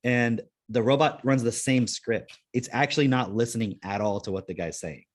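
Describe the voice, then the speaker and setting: A man chats loosely on a podcast in an ordinary middle male pitch. He rambles, fills gaps with "like", and swears freely. His manner stays relaxed and conversational throughout. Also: normal speed. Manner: rambling, laid-back, swears freely, many fillers. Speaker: podcast host. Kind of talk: casual chat.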